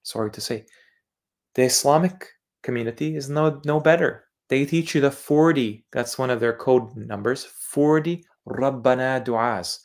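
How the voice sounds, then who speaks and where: A man's voice: medium pitch, a little slow. A man from Eastern Europe hosting a livestreamed religious monologue. He lectures insistently and says words over and over while he explains them. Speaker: channel host.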